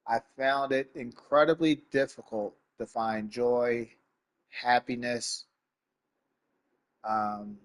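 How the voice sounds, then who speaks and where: Male streamer, mid-pitched, heartfelt and choked up, stuffy-nosed, talking straight to viewers. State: stuffy nose, near tears. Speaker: sim racing streamer. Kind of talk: live stream talk to chat.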